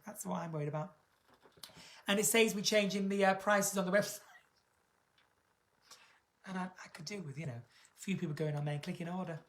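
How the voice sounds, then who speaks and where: A British woman chatting camply on a live stream from home, reading out viewer comments with big theatrical swings in pitch and loudness. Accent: British English. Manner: camp, theatrical, reads viewer comments aloud. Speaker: singer hosting a live stream.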